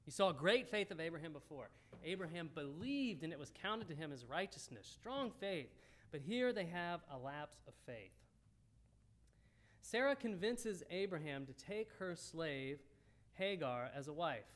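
A man's voice: fairly high pitch, a bit bright. A man preaching a sermon in a folksy, conversational teaching style, talking directly to the congregation. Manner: folksy, talks straight to the congregation.

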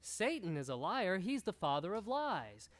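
A man's voice: sits high, big pitch swings, measured pace. A male pastor preaching an earnest sermon to a room, exhorting and repeating his key points. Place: church room.

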